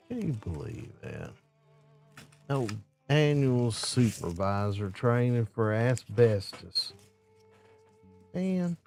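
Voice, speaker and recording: Slow, easygoing man with lively pitch. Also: creaky. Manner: folksy, rambling storytelling with quoted dialogue. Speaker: live stream host, safety supervisor. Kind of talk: casual monologue.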